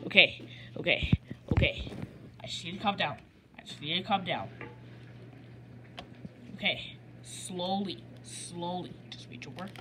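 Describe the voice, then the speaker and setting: A woman's voice: on the low side, unhurried, pauses often, background noise, natural voice. Woody, a woman doing a cowboy toy sheriff. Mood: frustrated. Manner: repeats phrases over and over, sputters and stammers. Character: excitable male cowboy toy sheriff, quick to rage. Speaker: gamer playing in character. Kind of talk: in-character gameplay commentary.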